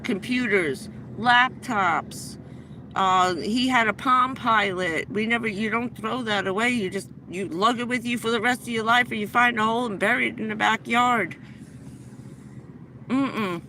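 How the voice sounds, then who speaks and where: Bright-voiced middle-aged woman rambling a story. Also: a little high, unhurried, slight background noise, rough recording. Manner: rambling, breathless anecdote with many restarts. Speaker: livestream host. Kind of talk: casual storytelling on a livestream. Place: inside a vehicle.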